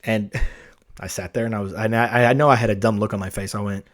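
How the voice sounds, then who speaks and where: A man hosting a podcast, telling stories in a casual, animated way, swearing freely and restarting his sentences. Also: on the low side, fairly quick. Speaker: podcast host. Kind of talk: casual storytelling.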